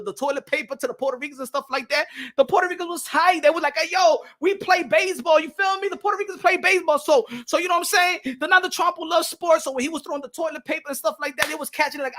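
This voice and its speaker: A man's voice: very high voice, a bit bright. A man giving a brash, profane comedic rant, mixing in Spanish. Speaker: comedic commentator.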